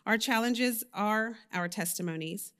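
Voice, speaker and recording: A woman's voice: medium pitch, a little slow, fairly bright tone. A woman, giving a personal, conversational sermon in a church, candid and confessional, with frequent fillers and self-corrections. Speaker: lay preacher.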